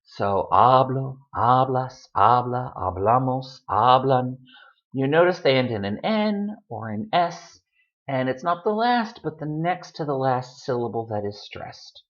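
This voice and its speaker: Man, language teacher, patient chatty explainer, animated pitch, dull lo-fi sound. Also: normal speed. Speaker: Spanish teacher. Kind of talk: explaining pronunciation rules.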